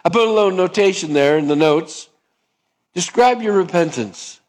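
Preaching man, fairly high voice. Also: lively intonation, normal speed. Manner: acts out both sides of dialogues, rising pitch for the stubborn voice; drops low and soft on key points, asks the listeners questions. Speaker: pastor. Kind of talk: sermon.

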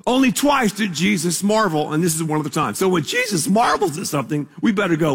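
High-voiced pastor preaching in a reverberant hall. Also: male voice, very animated, brisk, hardly any pauses, slightly rough. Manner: conversational, emphatic, asks the congregation to repeat words. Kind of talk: sermon. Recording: long reverb of a large hall.

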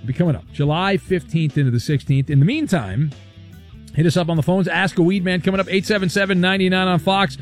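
Radio host, male, high voice, brisk teasing delivery, faint music under. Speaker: radio sports talk host. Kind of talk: casual radio show hosting.

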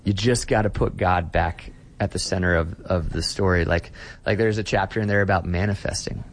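Low-voiced pastor guy talking earnest on a podcast, bit of faint room noise behind. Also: steady tone, brisk. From Austin, Texas. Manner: earnest, repeats words when starting phrases. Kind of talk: podcast interview.

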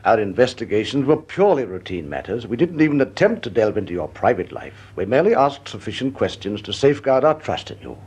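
A man's voice: mid-range voice, very animated, fast, few pauses, a little mellow, breathy edge. An actor playing a genial, bumbling older company chairman in a vintage radio drama, flustered and hesitant. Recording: dull lo-fi old radio recording.

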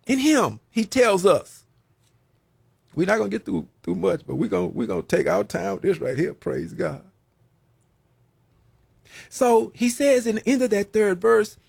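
A man's voice: high voice, husky, no room sound. A man who served prison time, preaching a sermon in a folksy way and repeating his phrases for emphasis.

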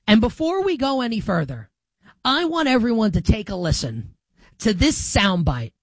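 A man's voice: huge pitch swings, moderate pace, breathy edge, dry recording. A man hosting a sports talk show, delivering an opinionated monologue with sarcastic emphasis. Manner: sarcastic and emphatic, with wide swings in pitch.

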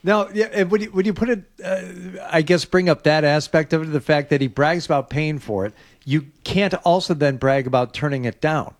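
A man co-hosting a podcast, telling wry, deadpan stories in casual conversation. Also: a little high, brisk. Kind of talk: casual chat.

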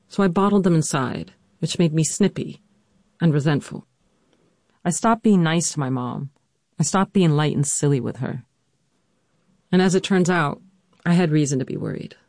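A narrator telling a personal family story and interviewing their mother, measured and reflective. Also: medium pitch, creaky, darkish tone, no room sound.

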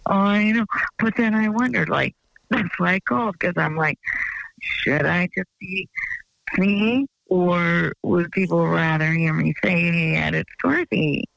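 A woman's voice: on the low side, a little slow, creaky, fairly bright tone, dry recording. Chatty woman caller on a lo-fi phone line. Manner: chatty, rambling, giggly. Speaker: radio call-in caller. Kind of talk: casual phone chat. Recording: lo-fi phone call.

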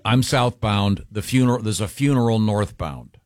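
Low-voiced halting radio host. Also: male voice, darkish tone, no echo, clean studio sound. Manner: halting, searches for words. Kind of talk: morning radio banter. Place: radio studio.

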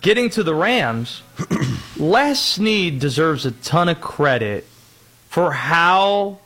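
Sports host guy, slightly high voice, lots of pitch movement, measured intros. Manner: steady, measured segment intros. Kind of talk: sports show hosting.

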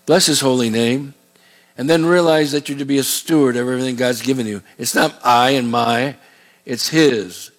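A man's voice: medium pitch, moderate pace. A male pastor preaching a sermon in a folksy, digressive and earnest way. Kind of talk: sermon with scripture reading.

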